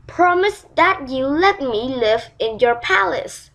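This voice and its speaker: A woman's voice: high voice, animated, takes it slowly, fairly bright tone, heavily acted. A woman playing a polite talking frog. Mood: eager.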